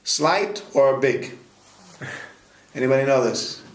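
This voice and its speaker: A man, a rabbi, teaching a Talmud class in a study hall, firing questions at his students in a lively way. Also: medium pitch, takes it slowly. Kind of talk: interactive Talmud lesson.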